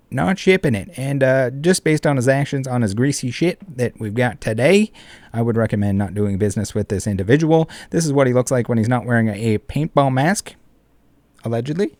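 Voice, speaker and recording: A man's voice: medium pitch, moderate pace, a little mellow, no room sound. A man hosting an online commentary video, ranting in an indignant, profane, emphatic way. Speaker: commentary channel host.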